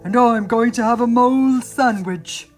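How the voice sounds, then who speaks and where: A woman voicing a boastful male monster who growls loud threats but is secretly nervous. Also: fairly high pitch, unhurried, soft background music, voice pushed up, lightly acted. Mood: blustering.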